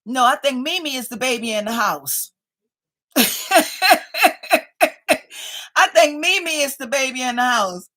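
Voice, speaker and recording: Bright, high-voiced woman in her fifties. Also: expressive, unhurried, long pauses. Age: 50s. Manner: chatty, laughs often, teasing. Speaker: live stream host. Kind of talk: casual live chat reading viewer comments.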